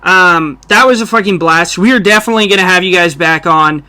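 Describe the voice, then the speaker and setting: A man's voice: sits high, fairly quick, pushed and bright, smooth. A young man hosting a casual podcast chat, loose and joking, who keeps slipping into celebrity impressions. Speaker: podcast host.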